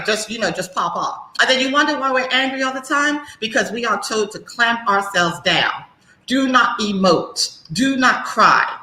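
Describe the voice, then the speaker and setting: A woman's voice: fairly high pitch, sharp tone, reverberant, poor audio. A woman from London with a London English accent, hosting an opinionated talk-show monologue in a sassy, emphatic way. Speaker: host.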